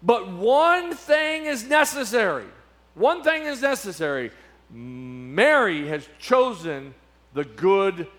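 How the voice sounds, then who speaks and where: A middle-aged male pastor preaching a sermon with emphatic repetition, dramatic pauses and sweeping swings in volume. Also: high-pitched, fairly bright tone.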